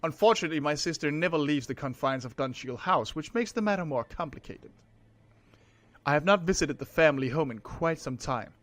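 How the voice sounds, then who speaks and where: A man voicing a scheming young male heir, reading his cold, measured narration aloud from a game. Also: on the high side, lively intonation, a bit bright.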